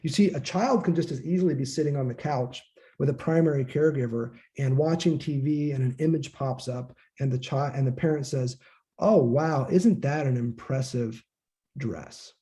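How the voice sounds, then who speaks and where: A man's voice: medium pitch, a little fast, dark tone. A man giving an informal, conversational lecture, acting out quoted voices and swearing now and then. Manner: casual, conversational, acts out quoted voices, occasional profanity.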